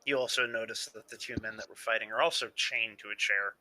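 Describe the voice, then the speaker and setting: A young man narrating as game master of a tabletop game, halting with many fillers and restarts. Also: lowish voice, steady tone, pushed and bright, slight background noise, low-quality recording.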